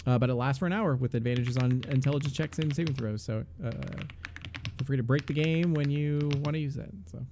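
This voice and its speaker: A man's voice: mid-range voice, fairly quick, a little mellow, a little hiss or hum. A man narrating a tabletop game as game master, rambling with many fillers.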